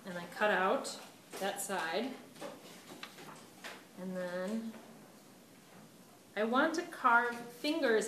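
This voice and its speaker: A chatty woman art teacher talks a class through a clay demonstration and laughs at her slips. She is heard from well away from the microphone. Room echo and steady background noise surround her voice. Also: on the high side. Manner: chatty, self-deprecating, laughs often. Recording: roomy, distant camera mic with background noise.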